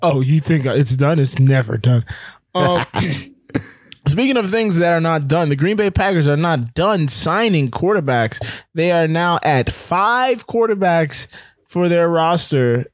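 A young man co-hosting a casual sports podcast, teasing his partner and quick to push back. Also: a little high, lively intonation, no echo. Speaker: podcast co-host.

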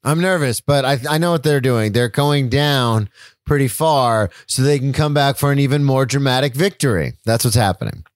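A man's voice: medium pitch, moderate pace, dry recording, studio quality. A man co-hosting a casual sports talk show, laid-back and swearing casually as he gives his picks. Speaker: sports podcast co-host.

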